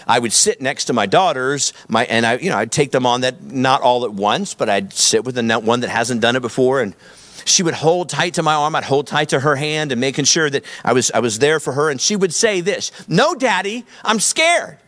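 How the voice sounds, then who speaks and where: A man's voice: mid-range voice, a little fast, a bit bright, no echo. A middle-aged man, a pastor preaching a sermon in an emphatic, repetitive storytelling manner.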